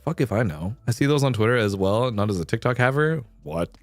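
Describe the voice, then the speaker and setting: Young guy rambling on stream, keeps restarting, swears a lot, dry mic, quiet music behind. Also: mid-range voice, animated, a little fast, no room sound. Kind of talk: casual late-night stream chat.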